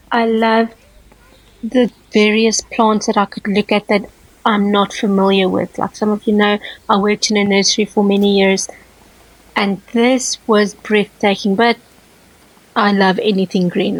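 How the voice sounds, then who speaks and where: A woman's voice: mid-range voice, little pitch movement, unhurried, dry recording, low-quality recording. Gushing South African woman, vlog voice-over. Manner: warm, gushing enthusiasm about plants. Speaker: travel vlogger. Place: seated at home, recording voice-over.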